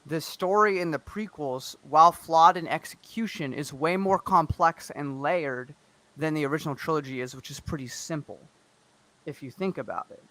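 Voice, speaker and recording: A man chatting casually about books and films, arguing his point quickly with many restarts. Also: fairly high pitch, bright, forceful tone, dry recording. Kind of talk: casual chat.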